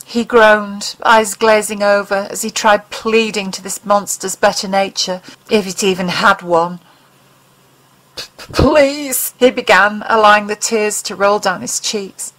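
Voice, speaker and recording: A woman narrating an audiobook in an expressive, dramatic reading style. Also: mid-range voice, unhurried, few pauses, low-quality recording.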